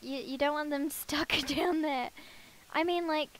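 Her voice sits high with a steady tone and measured pace as this gamer casually chats while playing a life-sim game. Using a headset, she talks to her characters and makes fun of herself, though the recording quality is low.

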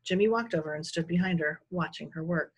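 A woman teacher reading a children's novel aloud in an unhurried, expressive way. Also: fairly low pitch, slightly rough.

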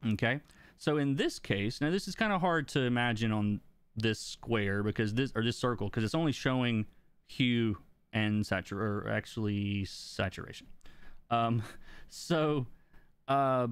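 Smooth, dry-voiced man teaching live. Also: medium pitch, no echo. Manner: relaxed, explanatory, laughs between points. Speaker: comic book colorist and teacher. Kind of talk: live-stream art lesson, reading chat.

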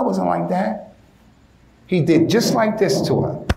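Brief: male preacher, lively street-talk sermon, higher voice, echoey room. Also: measured pace, gravelly, pauses often. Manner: animated, street-slang, keeps addressing listeners as "man". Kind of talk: informal sermon.

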